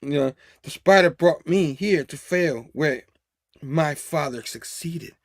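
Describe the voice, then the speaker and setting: A man voicing a grim, menacing male hunter villain in a slow, hushed dramatic reading. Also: on the high side, no echo, studio quality. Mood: brooding.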